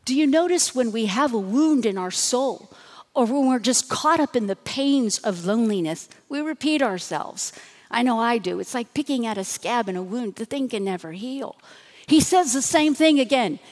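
Woman pastor, fairly high voice, dramatic sermon delivery, long hall reverb. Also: expressive, moderate pace. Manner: dramatic, drops to soft hushed tones and rises to emphatic bursts.

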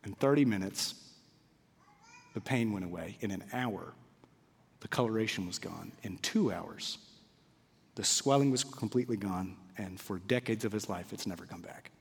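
A man preaching a sermon, telling a story, swinging from loud bursts to quiet asides. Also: lowish voice, normal speed, vocal fry, long pauses, husky, in a large hall. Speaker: pastor. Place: church.

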